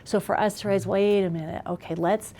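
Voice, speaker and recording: A middle-aged woman speaking as a parenting expert guest in a conversational interview, animated and acting out little scenes. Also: mid-range voice, fairly quick.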